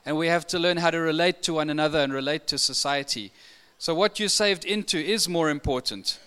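A man preaching a sermon, expressive and emphatic, his voice lifting when he quotes scripture. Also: a little high, fairly quick, smooth.

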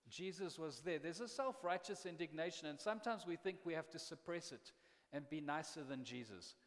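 A man's voice: on the high side, lively intonation, normal speed. A man pastor preaching a sermon in a conversational, impassioned way, often repeating words as he builds up steam. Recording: long reverb of a large hall.

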